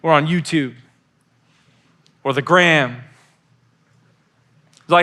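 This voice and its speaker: A man in his thirties giving a youth sermon, telling stories in a lively way and acting out voices on the phone. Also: a little high, slow, pauses often. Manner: animated storytelling with acted-out phone voices. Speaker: youth pastor.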